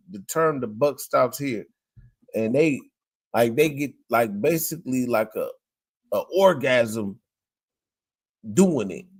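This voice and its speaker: A man's voice: medium pitch, dry recording. A man hosting a podcast in casual chat, rambling, hunting for words and quoting scripture. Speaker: podcast host.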